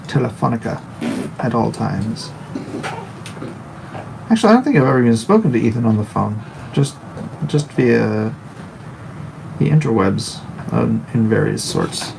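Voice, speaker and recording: Man, mid-pitch, gravelly, unhurried, wry artist reading stream chat aloud at a desk mic. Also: noisy background. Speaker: artist live-streaming while drawing. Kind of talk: casual live-stream chat.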